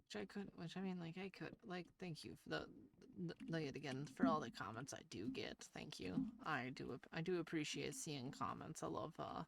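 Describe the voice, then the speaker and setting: Nasal-voiced gamer, mid pitch, slight vocal fry, rambling and hesitant casual commentary, faint background noise. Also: moderate pace. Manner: rambling and hesitant, heavy with fillers and restarts; shy, talks about social anxiety. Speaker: gaming video creator.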